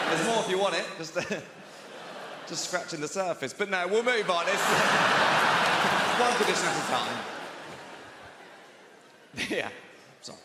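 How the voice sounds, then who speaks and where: A man's voice: sits high, animated, slow pace, long pauses, heavy background noise. Young man doing stand-up, echoey hall. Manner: self-deprecating, chatty, laughs between jokes. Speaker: stand-up comedian. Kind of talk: stand-up routine. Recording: live theatre, echoey hall, loud crowd.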